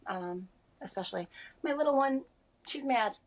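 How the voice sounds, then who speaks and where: A grieving woman in her forties giving a remote interview over a video call, speaking softly and haltingly with many pauses. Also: sits high, animated. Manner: halting, soft-spoken, many pauses and fillers. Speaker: interview guest.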